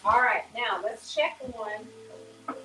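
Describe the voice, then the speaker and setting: A woman's voice: a little high, slow, pushed and bright, faint music behind, poor audio. A woman hosting a casual home cooking demonstration, talking to viewers in a chatty, folksy way. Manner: chatty and folksy, addresses viewers as y'all and honey. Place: home kitchen.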